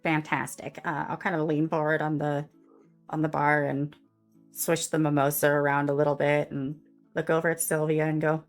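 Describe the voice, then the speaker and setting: A woman player narrates her character's actions in an easygoing, chatty way, full of fillers. Her voice sits a little low, and faint music plays behind her. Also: flat delivery, normal speed. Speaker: player and streamer. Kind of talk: casual tabletop game narration.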